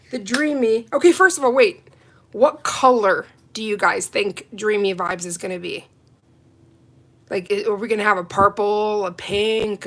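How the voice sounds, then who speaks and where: A woman hosting a live nail art stream, chatting casually with viewers and reading out their comments. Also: mid-range voice. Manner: chatty, reads and answers viewer comments, excitable. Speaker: nail livestream host. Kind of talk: casual livestream chat with viewers.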